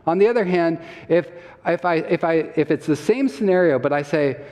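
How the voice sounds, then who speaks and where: Man, health talk to live audience, engaging, quizzes listeners, laughs often, slightly high voice, long church hall reverb. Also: animated, brisk, a little mellow. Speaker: health summit speaker.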